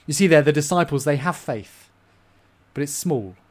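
Delivering a sermon to his congregation at normal speed, this expressive man from England has a voice slightly higher than typical for men. His delivery swings from forceful, loud emphasis to soft, hushed asides.

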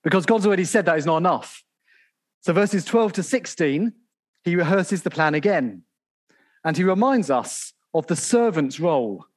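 A man preaching a sermon, calling out in loud animated bursts and reading scripture aloud at length. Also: a little high, normal speed. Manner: animated, calls out loudly in bursts.

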